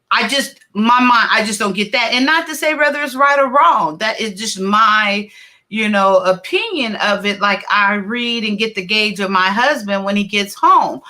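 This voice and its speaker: A woman hosting a casual talk show, loud and expressive, laughing often as she chats. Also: fairly high pitch. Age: adult. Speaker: podcast host. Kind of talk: casual chat.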